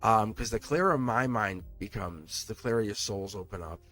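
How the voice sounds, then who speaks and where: A man's voice: fairly low pitch, normal speed, a bit bright, soft background music. A man reading tarot on a live stream. He talks to his viewers in an earnest, encouraging way, repeats words and restarts his sentences, and swears now and then.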